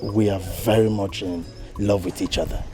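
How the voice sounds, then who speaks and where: A man's voice: low-pitched, fairly even intonation, normal speed, over music, close to an everyday voice. An actor playing a polite young suitor with a Nigerian accent who thanks the uncle and asks to marry his niece. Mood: earnest. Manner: polite, deferential.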